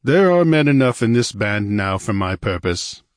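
A man reading aloud, voicing a grim, confident male barbarian warrior who speaks calmly and with certainty. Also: fairly low pitch, normal speed, no echo, clean studio sound. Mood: cold, certain. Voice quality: calm, imperturbable.

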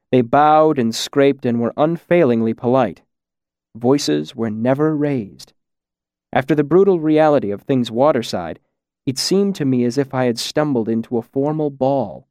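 A man reading a first-person story aloud in a measured way, dropping quieter on the darker lines. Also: mid-range voice, clear, resonant tone, no room sound, clean studio sound. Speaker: audiobook narrator. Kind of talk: scripted first-person narration.

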